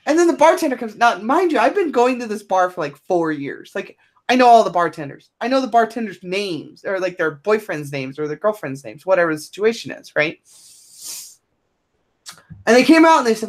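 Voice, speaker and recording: A woman's voice: medium pitch, sing-song, normal speed. A woman chatting on a podcast, telling a profane, blunt anecdote and laughing through it. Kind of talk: casual chat, anecdote telling.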